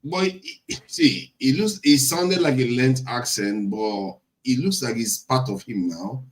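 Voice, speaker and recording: A man hosting a casual show who chats and laughs his way through reactions to video clips. His voice sits at a middle pitch, and his delivery stays relaxed and unhurried. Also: low-quality recording. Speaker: host.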